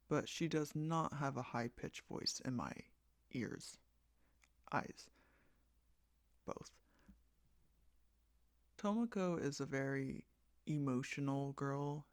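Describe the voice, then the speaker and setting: Slow, rambling American man. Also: medium pitch, dry recording. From United States. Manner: meandering, hesitant, with many fillers and self-corrections. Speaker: fan project creator running a voice casting call. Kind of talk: casual rambling monologue.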